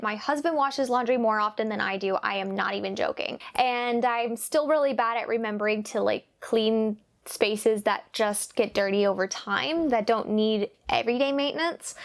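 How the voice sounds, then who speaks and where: A young woman with a fairly high voice talks to camera about parenting in a casual, confiding way. She is earnest and repeats key phrases to drive them home. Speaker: parenting vlogger. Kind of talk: casual personal talk to camera.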